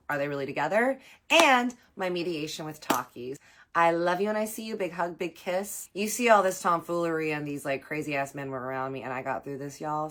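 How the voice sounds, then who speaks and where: A young woman with a low voice tells a dating story to her viewers, chatty and animated. She swings into the voices of the people in it as she goes. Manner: animated, acts out quoted voices. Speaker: storytime vlogger. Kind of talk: casual storytelling.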